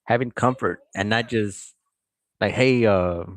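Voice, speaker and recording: A man's voice: on the low side, measured pace, no room sound. A man reading a chapter of scripture aloud and breaking off to comment on it and greet his viewers. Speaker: scripture reader.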